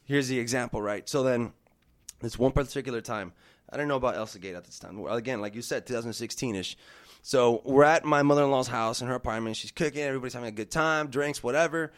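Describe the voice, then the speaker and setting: A man in his thirties telling a story in casual podcast chat, animated and full of swearing. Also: mid-range voice, fast talker. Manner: animated, profane, acts out quotes.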